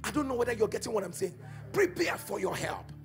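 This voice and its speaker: Gravelly high-pitched preacher. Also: male voice, sing-song, quick pace, soft background music. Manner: swings from quiet teaching to shouted, chanted declarations. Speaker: pastor. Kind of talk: charismatic sermon and prayer.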